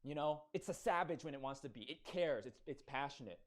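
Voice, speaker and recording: A man giving playful commentary, musing aloud in an animated way. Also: a little high, brisk. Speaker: video commentator.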